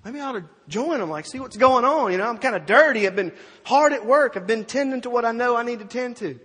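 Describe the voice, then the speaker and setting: A preacher acting out a bitter, resentful older brother, loud and exasperated, with a husky voice in a reverberant hall. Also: male voice, extremely high pitch, lively intonation, fast talker, pitched above the performer's own voice, exaggerated voice. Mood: puzzled. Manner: loud, indignant, exasperated outbursts.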